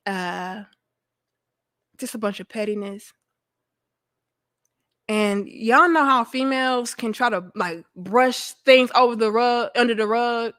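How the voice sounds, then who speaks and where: A young woman hosting a talk show, telling a candid, profane story to her viewers. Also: fairly high pitch. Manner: animated, profane, talks to herself. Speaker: podcast host.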